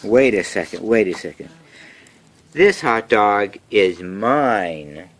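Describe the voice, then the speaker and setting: A man voicing a possessive know-it-all male pigeon in a storybook read-aloud, shouting and drawing words out. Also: lowish voice, animated. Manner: shouty, indignant, drawn-out words.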